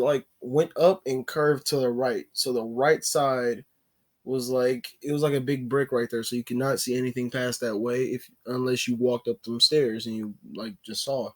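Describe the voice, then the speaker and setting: Rambling man telling a story. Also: mid-range voice. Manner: rambling, many "like" fillers and self-corrections. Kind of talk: casual story-time narration.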